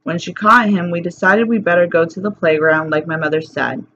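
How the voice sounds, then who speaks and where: A woman reading a children's chapter book aloud in a lively, plain storytelling way. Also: on the low side, brisk. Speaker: reader. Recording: slightly dull recording, faint hiss.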